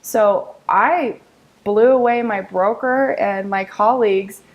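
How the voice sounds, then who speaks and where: An upbeat woman in her thirties tells her story as an interview guest. Her voice sits at an ordinary middle pitch, and she slips into lively little voices whenever she quotes friends or clients. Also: slow, lo-fi sound. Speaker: real estate agent, guest. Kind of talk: interview conversation.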